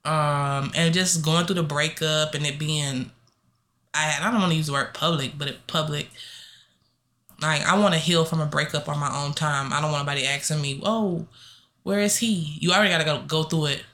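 A young woman talks in a casual podcast chat with a bright, forceful voice set a little low. She is blunt and profane, and her pitch jumps up suddenly as she gets animated. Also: brisk. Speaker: podcast co-host.

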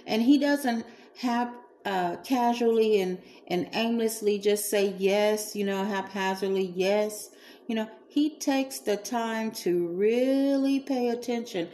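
A woman preaching a sermon in a slow, earnest way, with soft pauses and fillers. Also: medium pitch, a little hiss or hum.

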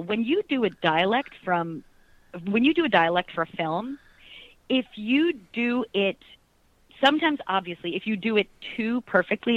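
A middle-aged woman chats as an interview guest, animated and laughing, her thoughts tumbling out in restarts. The sound is dull and lo-fi, like a radio broadcast, and the room is dry and close. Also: a little high, no echo. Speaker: actress, guest. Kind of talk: casual interview chat.

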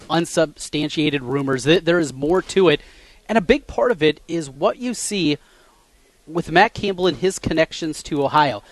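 A man co-hosting a sports radio show, laying out background facts in a measured way and getting lively when he jokes. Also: on the high side, dry recording. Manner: measured, recalls facts in detail, gets animated when joking. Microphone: studio mic.

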